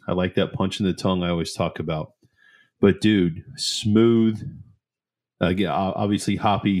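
A man's voice: low voice, a little mellow. A man co-hosting a casual beer tasting chat, talking enthusiastically with many fillers. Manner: enthusiastic, rambling, lots of fillers. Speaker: co-host of a beer tasting show.

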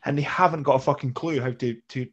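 A man with a mid-pitched voice talks animatedly and swears freely. He keeps breaking into mocking retellings during a casual podcast chat. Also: steady tone, quick pace, lo-fi sound.

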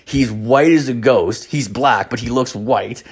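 A man's voice: medium pitch, unhurried, breathy edge. A young man casually telling a rambling story, swearing constantly and acting out other people's voices.

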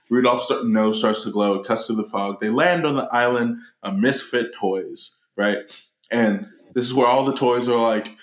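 A man's voice: medium pitch, moderate pace. Man retelling, echoey room. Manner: profane, animated retelling with voiced quotes. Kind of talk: casual chat.

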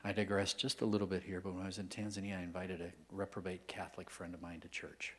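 A man preaching a sermon as a guest pastor, telling stories in a conversational way and swinging from hushed whispers to loud, emphatic outbursts. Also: sits low, level tone, quick pace.

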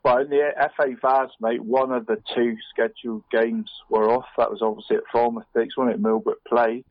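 A man's voice: medium pitch, little pitch movement, moderate pace, no room sound. A middle-aged man from Cornwall, co-hosting a casual podcast chat and tucking "mate" into nearly every sentence. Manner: chatty, says "mate" constantly. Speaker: podcast co-host. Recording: dull dry podcast audio.

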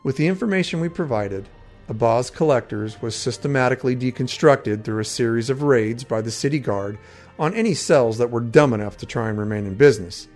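A man narrating a fantasy adventure in the first person. His voice sits at an ordinary middle pitch, and his delivery is steady and dramatic. Quiet music plays underneath. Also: brisk. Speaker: storyteller. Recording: faint background music.

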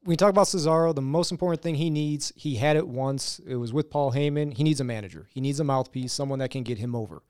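A man's voice: mid-range voice, fast, few pauses, darkish tone, clear, resonant tone, no room sound, studio quality. A man from the Chicago area talking emphatically and argumentatively as a podcast co-host. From Chicago area, USA. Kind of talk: casual wrestling chat.

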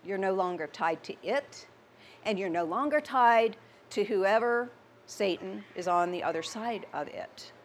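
A woman's voice: medium pitch, expressive, slight background noise. A woman preaching a sermon in a conversational, emphatic way, often putting questions to her listeners. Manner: conversational, asks the congregation questions; slow and emphatic.

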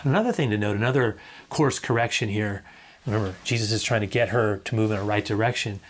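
A man's voice: on the low side, fast talker. A middle-aged man preaching a sermon as a pastor, earnest, repeating key phrases and sometimes dropping almost to a whisper.

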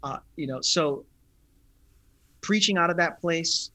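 A man, a pastor, talking in an interview in an earnest, thoughtful, unhurried way. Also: a little high, pushed and bright, no echo. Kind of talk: reflective interview talk.

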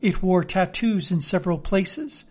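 A man reading a classic novel aloud as narrator, in measured storytelling. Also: high-pitched. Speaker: audiobook reader.

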